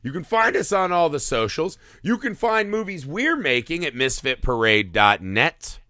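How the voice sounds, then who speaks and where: Man, casual film podcast host, lively swings in pitch, enthusiastic, swears casually. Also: normal speed, dry recording, studio quality.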